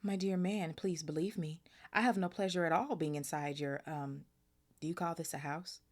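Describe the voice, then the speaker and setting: A woman's voice: low voice, steady tone, normal speed. Woman doing a sneering aristocratic wizard.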